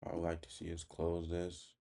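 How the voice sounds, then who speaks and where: A man, casually walking through his trading day in a relaxed, plain-spoken way. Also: low voice, moderate pace, creaky. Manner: relaxed, plain-spoken, thinks aloud with fillers. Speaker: day trader vlogger. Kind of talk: casual trading recap over charts.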